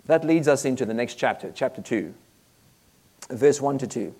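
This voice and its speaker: A man's voice: mid-range voice, expressive, moderate pace, warm tone, breathy edge. A man preaching a sermon, earnest and emphatic, reading Bible verses aloud between points.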